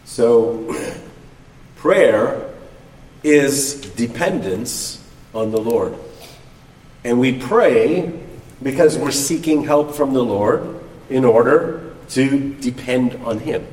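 A man giving a thoughtful, measured comment during a Bible study. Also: medium pitch, darkish tone. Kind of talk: reflective teaching comment. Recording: distant mic in echoey hall.

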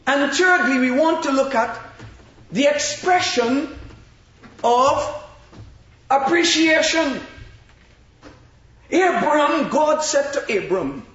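A man preaching a sermon in a slow, emphatic way with long pauses. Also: very high-pitched, lively intonation, a bit bright. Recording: very echoey, dull-sounding room.

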